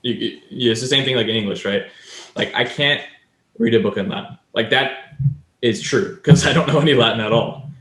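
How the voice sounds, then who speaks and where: A man's voice: mid-range voice, brisk, fairly bright tone, echoey room. A man co-hosting a casual podcast, explaining things at length and acting out example lines. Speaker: podcast co-host. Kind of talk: casual chat.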